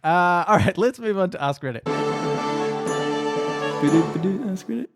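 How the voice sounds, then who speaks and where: A man's voice: high-pitched, expressive, a little fast, over loud music. An Australian man co-hosting a podcast in casual chat, playful and teasing, laughing often. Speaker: podcast co-host.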